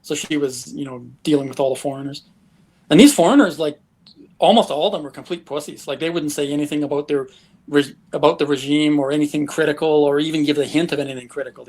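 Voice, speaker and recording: A man, a guest telling travel stories in a casual interview, breaking into chuckles. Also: on the high side. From Canada. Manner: lively anecdotes, chuckles often.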